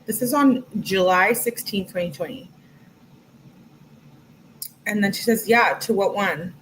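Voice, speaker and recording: A woman's voice: medium pitch, unhurried, slight background noise, low-quality recording. A young woman casually reading text messages aloud on a livestream, adding her own comments as she goes. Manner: chatty, reads quotes aloud with commentary asides. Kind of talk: casual livestream read-through.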